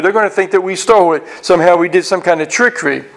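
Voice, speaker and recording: A man teaching a Bible passage verse by verse, animated and acting out the characters' reactions, often restarting his words. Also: high voice, fast talker, gravelly. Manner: frequent restarts and repeated words.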